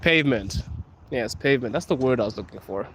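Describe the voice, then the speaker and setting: Animated and a little fast, this man speaks at a medium pitch with a slightly bright, husky tone. He's an African vlogger strolling city streets on a live stream, laughing frequently and responding to viewer comments in a casual way. Street noise runs through the outdoor recording.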